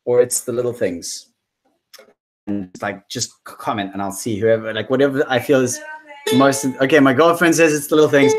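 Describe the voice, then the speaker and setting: A man hosting a casual musician's livestream, chatting in a rambling way and reading out viewer comments. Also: mid-range voice. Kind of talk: casual live-stream chat.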